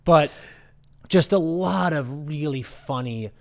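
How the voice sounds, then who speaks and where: A man's voice: a little high, slow pace, gravelly. A male podcast host with a mid-range voice who rants and swears freely. He tells stories in a blunt, casual way. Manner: profane, ranting storyteller. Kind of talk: casual chat.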